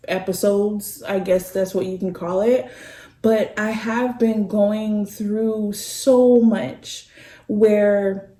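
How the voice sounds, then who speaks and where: Slow, halting woman in an echoey room. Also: mid-range voice, mellow, far from the mic. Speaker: vlogger. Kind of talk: personal story vlog.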